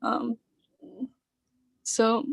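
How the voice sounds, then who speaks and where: A woman's voice: extremely slow, no echo. A young woman in her twenties, a coaching client on a video call, grieving and hesitant, with many fillers.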